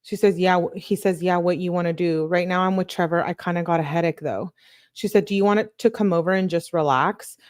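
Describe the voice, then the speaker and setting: A woman hosting a true crime channel, reading text messages aloud in a plain, matter-of-fact way, with quick offhand comments between them. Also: on the low side, steady tone.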